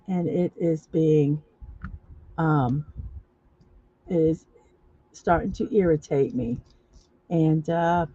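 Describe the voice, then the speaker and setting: Hosting a casual livestream, a woman walks viewers step by step through a building-block project, halting often with fillers and restarts. Her voice is on the low side with a dark tone, with no room sound on a dull lo-fi recording.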